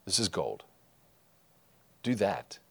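Deep-voiced emphatic male preacher. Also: very animated, slow, vocal fry, husky. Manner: emphatic preaching with swings from loud to quiet. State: tearful while reading scripture. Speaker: pastor. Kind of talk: sermon.

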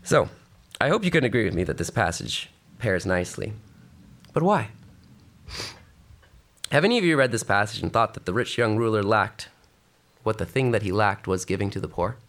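A man's voice: on the low side, moderate pace, pauses often. A man preaching a sermon who reads scripture aloud and then urges his listeners on. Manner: expressive, reading scripture then exhorting the congregation.

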